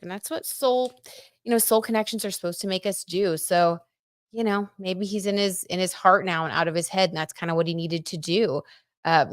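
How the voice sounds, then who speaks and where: A woman's voice: on the low side, dry recording, clean studio sound. A young woman hosting a casual livestream, chatting about astrology and celebrity gossip, reading viewer comments in a gushing, chatty way with lots of fillers. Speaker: livestream host reading chat.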